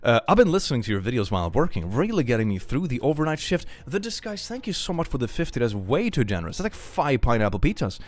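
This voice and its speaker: Animated, lively streamer man. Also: medium pitch, quick pace, hardly any pauses. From Sweden. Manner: playful, animated, jokey. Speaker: live streamer. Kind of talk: casual live-stream chat, reading donations.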